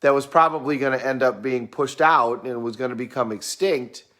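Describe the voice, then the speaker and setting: A man's voice: mid-range voice, normal speed, bright, forceful tone. A man hosting a casual motivational talk, speaking conversationally with frequent fillers and restarts.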